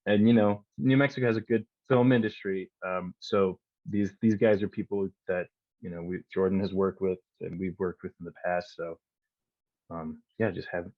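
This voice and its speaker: A relaxed director talks through his shoot in an unhurried, hesitant way. His voice is very low. The recording is dull and dry, with no room around it. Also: gravelly, no echo. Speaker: film director guest. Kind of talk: casual interview chat.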